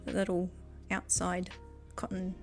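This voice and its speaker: This New Zealand woman has a lowish, gravelly voice and a completely flat delivery at a measured pace. Even so, she giggles often while chatting casually with her viewers on a game stream through a desk microphone, with soft background music.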